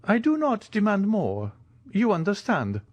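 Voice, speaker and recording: A timid, eager old Italian ex-major, as an audiobook narrator puts him on, his voice pitched high and quavering, leaping up and down. The storybook reading is dry and close. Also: huge pitch swings, a little slow, no echo, exaggerated voice.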